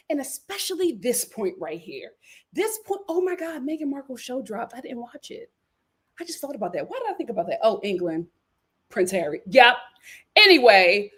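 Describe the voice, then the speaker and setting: A woman with a high, lively voice gives sassy reality TV commentary on a home livestream. She swings between loud, laughing outbursts and hushed asides. Her pitch bounces all over as she talks. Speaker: YouTube commentator. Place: home room.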